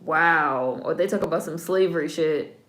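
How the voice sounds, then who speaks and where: A woman's voice: low-pitched, normal speed, fairly bright tone, echoey room. A woman giving casual commentary while watching a film, chatty and wry, with slang asides. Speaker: film reaction vlogger.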